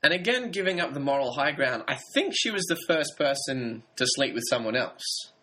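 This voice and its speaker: Casting: man with a bright, tense-edged voice, measured explainer in a casual two-person chat. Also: mid-range voice, big pitch swings, slight background noise. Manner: explains plot points steadily, hedging with "I think". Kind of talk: casual podcast chat about a TV drama.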